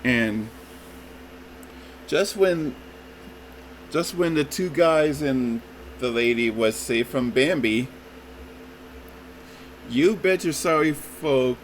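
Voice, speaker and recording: Slow, rambling man reviewing a trailer. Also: medium pitch, animated, a little hiss or hum, rough recording. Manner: rambling, often says "folks", restarts. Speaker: YouTube reviewer. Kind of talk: casual spoken movie trailer review.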